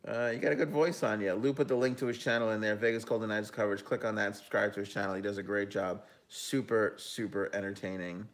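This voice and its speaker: With a fairly low, steady voice, this hockey talk show host and analyst speaks quickly and barely pauses. On his live stream he chats casually, offers picks, and reads out viewer comments, often saying um and correcting himself.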